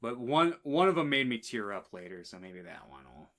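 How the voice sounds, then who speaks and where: A man's voice: mid-range voice, sing-song, moderate pace, a bit bright. A man co-hosting a film podcast, chatting casually and swearing, retelling scenes in quoted voices. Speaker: podcast co-host.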